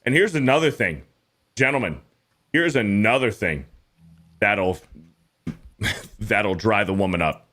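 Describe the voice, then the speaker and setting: A man hosting a casual podcast chat, talking bluntly with lots of swearing and mimicking others in high mocking voices. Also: expressive, slow pace, long pauses, pushed and bright. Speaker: podcast host.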